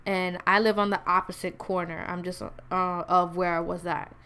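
A woman's voice: lowish voice, flat delivery, normal speed, pushed and bright, smooth. A young woman telling a personal story in a blunt, casual, slangy way, full of fillers and restarts.

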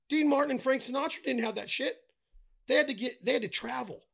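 A man's voice: very high-pitched, normal speed, vocal fry, a bit bright. A middle-aged man talking casually as a podcast guest, blunt and given to swearing, ranting with wry humor. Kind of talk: casual chat.

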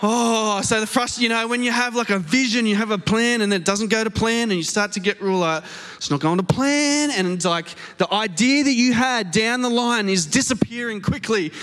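A man with an Australian accent preaching a sermon, telling a story in an animated, self-mocking way on a stage microphone in a church auditorium. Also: high voice, moderate pace, clean tone. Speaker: pastor. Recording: long hall reverb.

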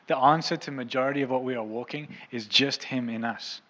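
A man's voice: mid-range voice, fairly quick, bright, forceful tone, long reverb tail, poor audio. A man preaching a sermon as a pastor, earnest and impassioned, in a church auditorium.

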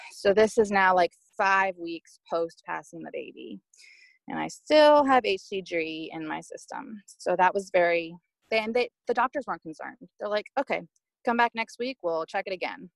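Gravelly low-voiced woman sharing a story. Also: moderate pace, dry recording, poor audio. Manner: candid, emotional retelling with many fillers. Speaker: podcast guest. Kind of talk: personal story told in conversation.

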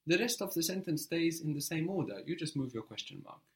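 A man teaching a language lesson, prompting a learner and repeating answers slowly and patiently. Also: on the high side, big pitch swings.

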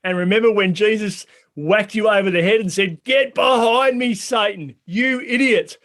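A man's voice: sits high, moderate pace, a bit bright, pitched above the performer's own voice. A man voicing indignant male disciples who protest and mock. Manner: protesting, heckling.

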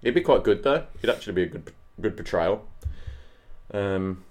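A man co-hosting a podcast in loose, joking banter. His voice sits fairly low but moves a lot in pitch. He swears freely and laughs often. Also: expressive, normal speed, darkish tone. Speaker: podcast co-host. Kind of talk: casual chat.

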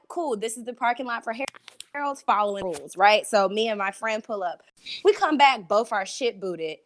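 A woman in casual chat, telling animated, profane stories. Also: on the high side.

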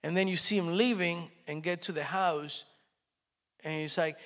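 A man's voice: high voice, normal speed. A male pastor preaching a sermon, telling stories animatedly and repeating key phrases. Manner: animated storytelling, acts out quotes, repeats phrases.

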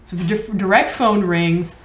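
A woman's voice: medium pitch, steady tone, normal speed. Amused woman in an echoey room. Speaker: podcast guest. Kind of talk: casual chat.

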